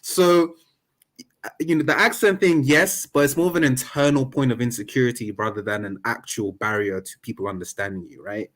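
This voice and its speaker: A man's voice: medium pitch, normal speed. A man of Nigerian background, a talkative guest in an online interview who tells anecdotes and jokes. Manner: animated and talkative, jokes and laughs. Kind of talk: casual interview chat.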